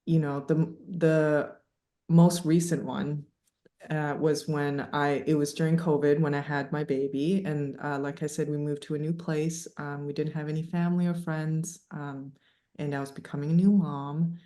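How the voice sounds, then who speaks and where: A woman in her thirties telling a personal story as a podcast guest, animated and laughing, with many fillers. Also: low-pitched, moderate pace. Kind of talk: casual storytelling interview. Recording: echoey room.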